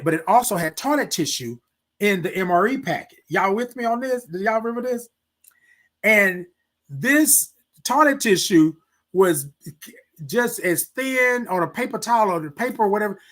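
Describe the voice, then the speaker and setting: Preachy man with a lively, swinging voice. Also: high-pitched. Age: adult, military veteran. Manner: preachy, repeats key phrases, talks to viewers directly. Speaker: host of a live morning show. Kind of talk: motivational live-stream talk.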